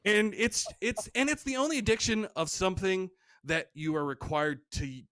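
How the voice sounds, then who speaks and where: Male stand-up, self-deprecating, animated, bright and high, dry close home mic. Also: normal speed, no echo. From Michigan, USA. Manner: animated, self-deprecating, acts out quoted voices. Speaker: stand-up comedian. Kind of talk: stand-up set over video call. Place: home room.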